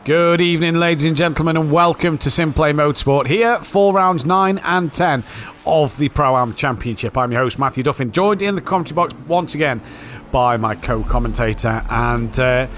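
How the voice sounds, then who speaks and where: A man's voice: on the high side, normal speed, fairly bright tone, slight background noise. A man hosting a sim racing broadcast, delivering an upbeat, broadcast-style introduction. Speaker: host commentator.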